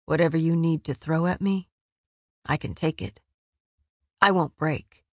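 A woman reading the lines of a fierce winged male warrior with icy, controlled fury, speaking in a low, clipped, intense way. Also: a little slow, no echo.

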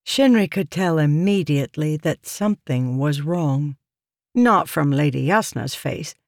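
A narrator reading a fantasy novel aloud in a measured, deliberate manner. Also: mid-range voice, animated, dry recording, studio quality. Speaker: audiobook narrator.

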